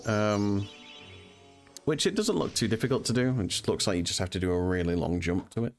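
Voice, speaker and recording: A man's voice: on the low side, brisk. A young man giving casual, rambling gameplay commentary, with frequent ums and uhs. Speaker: speedrunner streamer. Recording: voice over game music.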